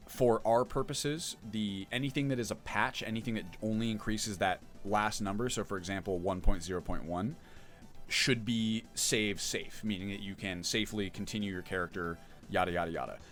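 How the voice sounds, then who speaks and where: Brief: lower-voiced male streamer, casual and chatty, thinks aloud and answers chat, soft music underneath. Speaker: mod developer streaming.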